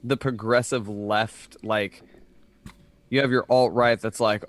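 A man co-hosting a casual podcast chat, animated and profane, slipping into mocking voices. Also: fairly low pitch, slow. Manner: animated, swearing, mocking impressions. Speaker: podcast co-host.

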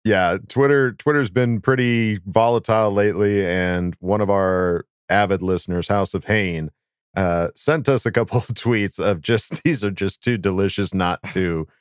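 A man's voice: lowish voice, moderate pace, clean tone, no room sound, studio quality. Laid-back man co-hosting a sports podcast. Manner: laughing, reads fan tweets aloud. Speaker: podcast co-host. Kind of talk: casual chat.

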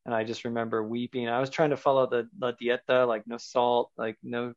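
A man's voice: mid-range voice, level tone, a little fast, no echo. A man as a podcast guest, earnestly recounting a personal experience in a searching way, loose with fillers. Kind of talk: personal storytelling in an interview. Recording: dull lo-fi sound.

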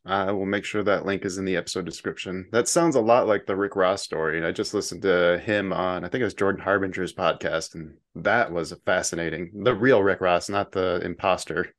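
Podcast host, man, lowish voice, easygoing, laughs a lot. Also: a little fast, hardly any pauses. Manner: easygoing, laughs often, steers the talk. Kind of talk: casual podcast chat.

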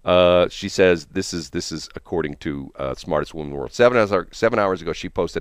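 Deep-voiced older male radio host. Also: quick pace, clear, resonant tone, dry recording, clean studio sound. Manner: rambling, chuckling, anecdotal. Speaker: radio morning show host. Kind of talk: casual on-air chat. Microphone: studio broadcast mic.

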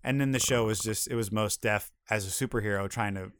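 Animated storytelling man, dry close sound. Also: lowish voice, smooth, no room sound. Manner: animated storyteller, quick teasing banter. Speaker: podcast guest, comedian and children's TV writer. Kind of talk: casual chat.

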